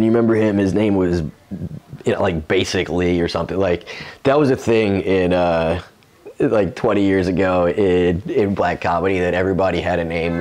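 A man with a fairly low voice tells a story in loose, casual chat. He is a comedian hosting his own show. His telling rambles, is full of swearing and often breaks into laughter. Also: a little mellow. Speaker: comedian host.

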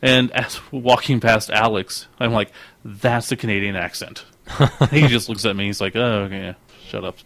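A man's voice: mid-range voice, normal speed, dry recording. A man co-hosting a casual podcast, telling stories eagerly and acting out what others said. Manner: animated storyteller who acts out quoted voices. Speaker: podcast co-host.

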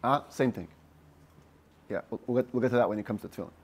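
A man, a rabbi, giving a text study class, reading Hebrew phrases slowly and explaining each one in English. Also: medium pitch, a little hiss or hum.

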